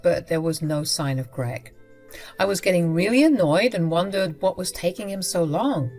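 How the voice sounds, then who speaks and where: Young woman retelling her story, emphatic, faint music behind. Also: lowish voice. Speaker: story narrator. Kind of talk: first-person story narration.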